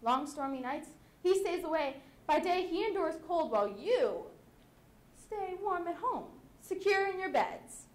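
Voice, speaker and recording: A young woman performs Katherine from Shakespeare in a high, bright voice, slow and declamatory as she lectures wives. Her recitation rings out in an echoey hall. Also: animated.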